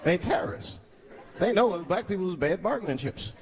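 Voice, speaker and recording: A high-pitched American man with lively intonation works through a stand-up set at normal speed, telling loose stories punctuated by punchy, profane asides. He's on stage in front of a laughing audience, and the live-show recording is noisy.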